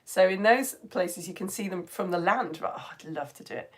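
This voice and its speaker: A woman's voice: on the low side, lively intonation, normal speed, breathy edge. A woman teaching a live online science lesson, chatting with viewers and reading out their comments in a bubbly, playful way, laughing often.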